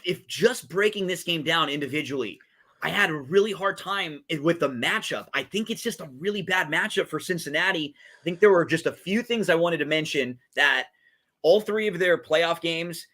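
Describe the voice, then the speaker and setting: In a podcast setup, a co-host with a sharp voice on the high side talks race and game picks. It's casual betting chat, with lots of fillers and restarts.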